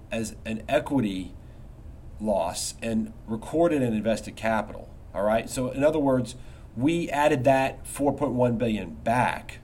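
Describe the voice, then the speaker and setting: A man's voice: mid-range voice, a little mellow, a little hiss or hum. Emphatic middle-aged man hosting a podcast. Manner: emphatic, conversational, asks rhetorical "you know what?". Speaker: podcast host, investment research firm founder. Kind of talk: casual podcast monologue.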